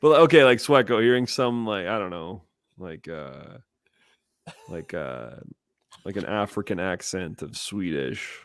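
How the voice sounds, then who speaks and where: A man's voice: low voice, expressive, measured pace, clean tone, dry recording, clean studio sound. A man hosting a podcast in casual chat, slangy and laid-back, playfully mixing in other languages. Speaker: podcast host.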